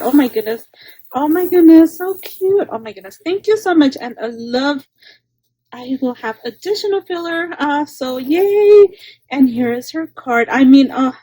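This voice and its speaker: A woman's voice: high-pitched, a little mellow, husky, no echo, rough recording. A woman hosting her craft channel, chatting casually while unboxing a swap, gushing with frequent exclamations and stumbling over words.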